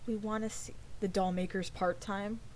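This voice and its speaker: A woman's voice: medium pitch, little pitch movement, normal speed, slight background noise, poor audio. Young woman streaming a game, chatty and sweary, drops into whispers now and then. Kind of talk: casual let's-play chat.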